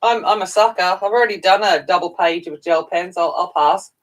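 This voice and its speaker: A woman's voice: on the low side, fairly quick, low-quality recording. A woman hosting a casual livestream from home, tired and chatty, greeting viewers by name and talking while she eats. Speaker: coloring channel host.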